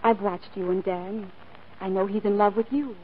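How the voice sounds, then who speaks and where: A woman's voice: medium pitch, steady tone, normal speed, slight background noise, lightly acted. A woman playing a shy, hesitant young woman in a 1940s radio drama. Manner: hesitant, soft. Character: shy, soft-spoken young woman in a wheelchair. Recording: muffled old radio recording.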